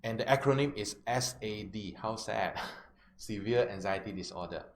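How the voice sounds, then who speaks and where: A man's voice: fairly low pitch, moderate pace. A man, a life coach telling a client story as a self-help lesson, often checking in with his listeners. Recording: roomy with faint background noise.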